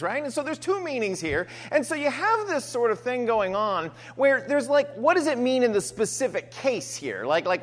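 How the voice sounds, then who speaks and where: Male pastor, sermon, chatty and animated, higher voice. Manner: conversational, frequent "right?" asides and restarts.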